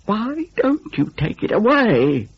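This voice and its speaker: A man's voice: extremely high pitch, wildly swooping pitch, slow pace, slightly rough, highs cut off, voice pushed up, exaggerated voice. A man voicing a frightened small boy who stammers and pleads in a storybook reading. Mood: pleading.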